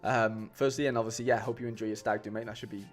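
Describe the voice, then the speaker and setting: A man's voice: lowish voice, little pitch movement, fast, soft background music. A man chatting casually on a live stream, rambling with lots of fillers and restarts and calling his viewers "mate". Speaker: streamer building fantasy football lineups.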